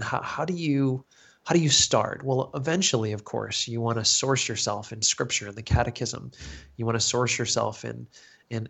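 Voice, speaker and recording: American guy on a podcast, earnest, thinks out loud, keeps rephrasing. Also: medium pitch, vocal fry. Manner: thoughtful, earnest, explains at length with restarts. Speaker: podcast co-host, teacher. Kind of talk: casual podcast discussion.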